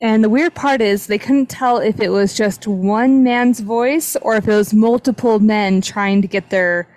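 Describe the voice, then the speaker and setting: Her voice is mid-range and darkish, her pace measured, captured in a dry, low-quality recording. The young podcast host casually retells a paranormal investigation in a chatty style with plenty of "like" fillers.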